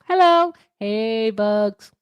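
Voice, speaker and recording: Animated woman chatting on a livestream. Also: a little high, very slow, smooth, no echo, lo-fi sound. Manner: animated, swears freely, talks to viewers in chat. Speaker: livestream host. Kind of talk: casual livestream chat.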